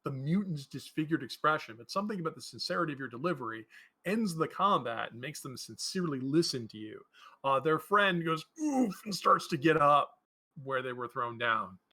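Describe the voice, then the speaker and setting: A man's voice: on the high side, expressive, a little fast, pushed and bright, slightly rough. A man running a tabletop game as game master, hesitant with many fillers and often laughing.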